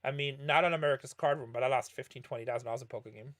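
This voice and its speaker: A man's voice: mid-range voice, racing, fairly bright tone. A middle-aged man chatting casually while he streams poker and answers viewer questions, rambling and correcting himself often. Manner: rambling, self-correcting storyteller. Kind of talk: casual livestream chat while playing poker.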